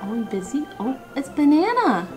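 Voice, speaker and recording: A woman's voice: sits high, sing-song, moderate pace, music in the background. A woman vlogging at home, gushing in baby talk to her pet and laughing often. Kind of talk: casual home vlog.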